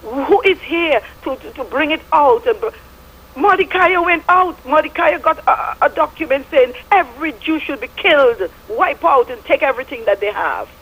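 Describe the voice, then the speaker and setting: A woman's voice: sits high, lively intonation, moderate pace, fairly bright tone, poor audio. A middle-aged woman with a Statian Caribbean English accent, calling in to a radio show and giving fervent, preachy testimony with biblical references. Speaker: radio caller. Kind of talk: impassioned call-in testimony.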